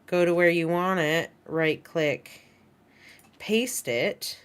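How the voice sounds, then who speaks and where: A woman teaching an online animation class, walking students through files on her screen in a chatty, informal way. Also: deep voice. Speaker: animation instructor.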